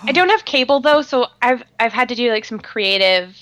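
Bright-voiced Canadian woman, chatty co-host. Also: fairly high pitch, normal speed, no room sound. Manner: animated storyteller acting out other people's voices. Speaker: podcast co-host. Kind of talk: casual chat. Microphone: phone line.

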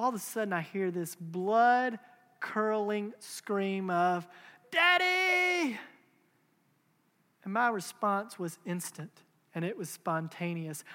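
A man in his thirties, a pastor, preaches an earnest and emphatic sermon in a high, fairly bright voice. He builds his argument by repeating phrases and posing rhetorical questions, his words echoing with the long reverb of a large hall.

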